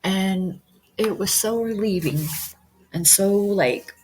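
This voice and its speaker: A woman's voice: medium pitch, slow pace, a little mellow, slightly rough, rough recording. A woman hypnosis practitioner talking earnestly to her viewers, with many fillers and repeated affirmations. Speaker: QHHT practitioner. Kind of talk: casual talk to camera.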